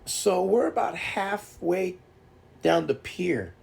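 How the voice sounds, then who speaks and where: Casual stream host, male, heavily gravelly and a touch high, rambling storyteller who restarts often. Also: lively intonation, slow, darkish tone. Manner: laughs while telling fishing stories.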